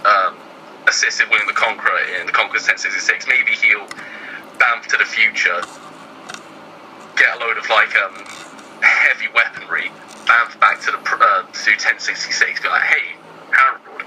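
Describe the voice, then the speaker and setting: A man's voice: fairly low pitch, steady tone, normal speed, bright, forceful tone, slight background noise, rough recording. A man talking as a guest writer in casual chat, hesitant and filling his speech with ums and "sort of".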